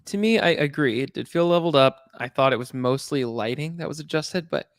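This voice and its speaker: A man co-hosting a review podcast, speaking casually in a rambling, self-correcting way. His voice sits slightly high for a man, recorded dry and close with no room echo. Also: fairly quick. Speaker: podcast co-host.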